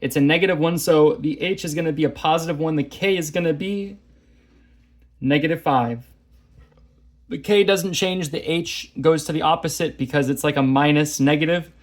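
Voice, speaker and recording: A man's voice: fairly high pitch, fairly even intonation, moderate pace. A man teaching a math lesson, walking through graphing problems in a chatty, self-deprecating way. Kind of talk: casual lesson walkthrough.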